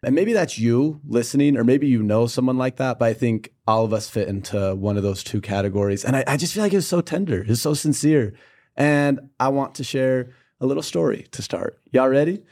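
A young man from Pennsylvania, co-hosting a casual faith podcast and telling a childhood story with lively storytelling. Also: mid-range voice, a little fast. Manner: storytelling, animated. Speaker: podcast co-host.

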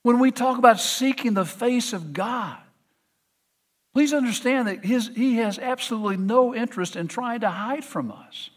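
A man's voice: very high-pitched, normal speed. A middle-aged man preaching a sermon, earnest, often restarting with repeated words. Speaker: pastor.

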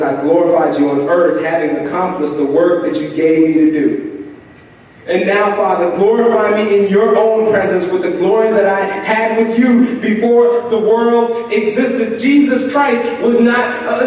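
High-voiced preacher in an echoey hall. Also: male voice, darkish tone, distant mic. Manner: preaching with rising intensity and repetition. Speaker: pastor. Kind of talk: sermon. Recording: echoey hall, voice picked up from afar.

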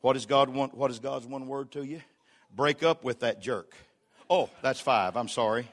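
An older pastor delivers a sermon in a mid-range voice at a moderate pace. Folksy and humorous, he moves between shouted exhortation and quiet storytelling.

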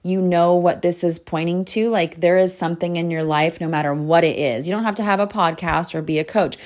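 Low-voiced earnest woman podcaster. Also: fairly even intonation, a little fast, a little mellow. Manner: earnest, heartfelt, with frequent "like" fillers. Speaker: podcast host and spiritual coach. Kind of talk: casual podcast monologue.

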